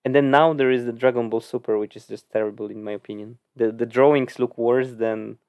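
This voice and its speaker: A man's voice: mid-range voice, fairly even intonation, a little fast, darkish tone, clear, resonant tone, no echo, studio quality. A man co-hosting a casual podcast, chatting loosely with many "like"s and restarts. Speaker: podcast co-host. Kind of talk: casual chat.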